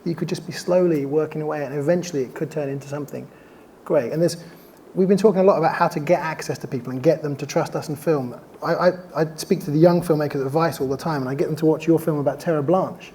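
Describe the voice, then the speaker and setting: A man on a festival panel who talks at a quick clip in a fairly high, mellow voice. He tells anecdotes eagerly, doubling back on his words as he goes. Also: slight background noise. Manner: rapid, enthusiastic, self-correcting storytelling. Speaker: documentary filmmaker on a panel. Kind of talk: casual panel discussion.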